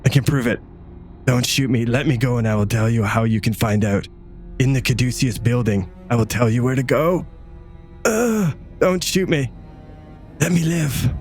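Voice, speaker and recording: A man's voice: medium pitch, fairly even intonation, fairly quick, darkish tone, soft background music, lightly acted. A man voicing a cowering male serpent person who pleads and stammers for his life. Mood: pleading.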